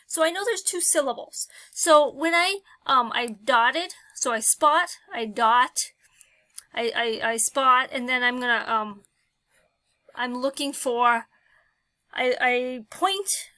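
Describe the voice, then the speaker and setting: Woman teacher, unhurried, patient phonics walkthrough, lots of ums, clear bright tone. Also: sits high, no room sound. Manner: slow and patient, thinking aloud with many fillers. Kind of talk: classroom phonics lesson.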